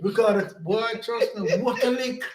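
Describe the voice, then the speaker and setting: A man's voice: sits high, moderate pace, a little mellow. A man with a Jamaican accent co-hosting a live stream, chiming in with short remarks. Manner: chimes in with short echoing remarks. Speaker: live show co-host. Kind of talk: casual live-stream chat. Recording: distant, echoey and noisy.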